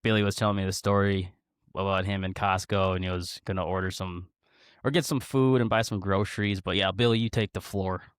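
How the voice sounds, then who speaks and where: A man's voice: deep voice, fairly even intonation, a little fast, clear, resonant tone, no echo, studio quality. A man hosting a podcast, chatting in a laid-back casual way and calling his guest "dude". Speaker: podcast host. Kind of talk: casual chat.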